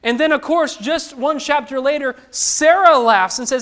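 High-voiced man preaching a sermon. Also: normal speed, few pauses, a bit bright. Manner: asks the listeners questions and acts out quoted lines.

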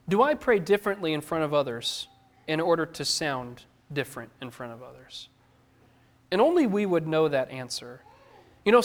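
High-voiced man preaching a sermon. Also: a bit bright. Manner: earnest, conversational, asks the listeners direct questions.

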